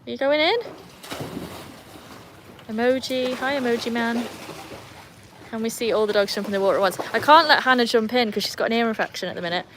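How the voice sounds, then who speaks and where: A woman's voice: a little high, a little fast, long pauses, background noise. A woman with an English accent hosting a live stream outdoors by a pool, chatting with viewers and talking to her dogs. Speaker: livestream host. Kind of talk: casual live chat. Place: outdoors beside a backyard pool in the rain. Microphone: phone. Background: faint rain and outdoor ambience.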